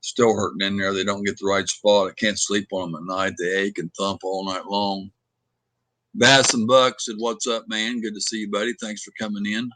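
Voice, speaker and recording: A man hosting a casual livestream from home, rambling and reading viewer comments out loud with lots of hesitant fillers. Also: on the low side, steady tone, moderate pace. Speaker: livestream host. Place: at home with his dog.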